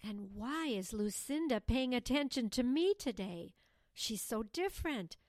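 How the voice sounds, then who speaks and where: A woman's voice: a little high, expressive, unhurried, a little mellow, dry recording, studio quality, voice pushed up. A woman voicing Lillian, a curious, earnest young girl who asks questions, in an audiobook reading.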